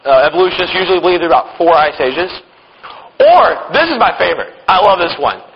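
A high-voiced man gives a church-conference Bible lesson full of jokes and sarcastic asides, chuckling as he goes. The sound is dull and lo-fi, with a long hall reverb and faint background noise. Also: sing-song, fast. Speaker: speaker teaching at a church conference. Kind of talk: humorous Bible teaching talk.

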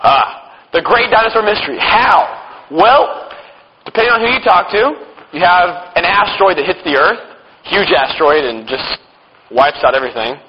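A man's voice: high-pitched, lively intonation, moderate pace. A man teaching from the Bible at a church conference, mixing jokes and sarcastic asides into his talk. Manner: joking, with sarcastic asides and chuckles. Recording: dull, lo-fi hall recording with long reverb.

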